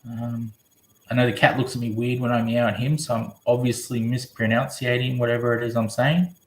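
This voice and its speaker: A man's voice: medium pitch, level tone, fairly quick. A man chatting casually on a live stream, rambling and reading viewers' comments aloud. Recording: echoey room.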